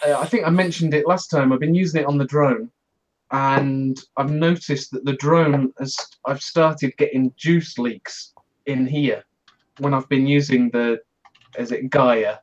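A man's voice: mid-range voice, fairly even intonation, unhurried. Man co-hosting on a muffled mic. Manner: rambling, restarts, laughs easily. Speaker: podcast co-host. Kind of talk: casual banter.

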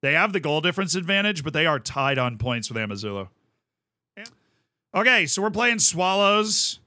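A man streaming a football management game, who swings from quiet musing to loud commentator-style shouts. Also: very animated, no echo. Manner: shouts goal calls like a sports commentator; drops low and quick when musing.

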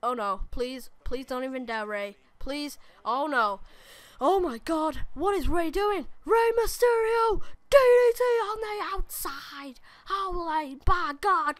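A young adult woman, rambling and commentating live on her own gameplay, often bursting into excited shouts at the game. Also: high voice, takes it slowly, no room sound. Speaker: gaming YouTuber.

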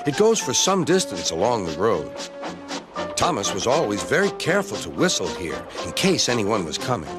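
A man narrating a children's storybook in a gentle, measured way. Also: fairly low pitch, huge pitch swings, loud music behind the voice. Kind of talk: storybook reading.

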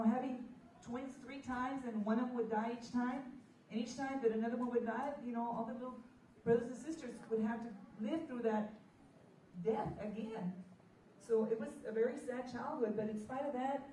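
A woman gives a heartfelt talk to a gathering, pausing often and restarting her sentences. Her voice is mellow and a little high. She sounds distant in an echoey hall, with faint noise behind her. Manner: halting, with many fillers and restarts. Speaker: family member telling family history.

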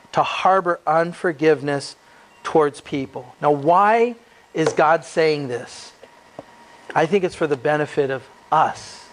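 A pastor with a slightly raised pitch preaches in a church. He moves between reading scripture and relaxed, joking asides. He keeps asking his listeners rhetorical questions. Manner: reads scripture then adds casual, joking asides. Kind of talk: expository sermon.

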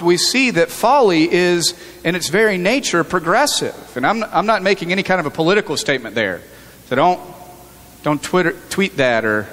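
A man preaches to his congregation in an earnest, conversational manner, stumbling and restarting as he thinks aloud. His voice sits a little high for a man. A long church-hall reverb trails every phrase. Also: a bit bright. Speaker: pastor. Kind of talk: sermon. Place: church sanctuary.

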